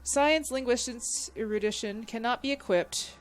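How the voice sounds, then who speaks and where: Excitable woman streamer, high voice. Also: moderate pace. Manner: excitable, chatty, reads on-screen text aloud. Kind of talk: casual gameplay commentary.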